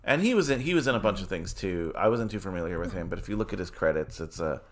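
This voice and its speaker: A man co-hosting a casual film podcast, relaxed and chatty, laughing often. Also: sits low, quick pace. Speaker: podcast co-host.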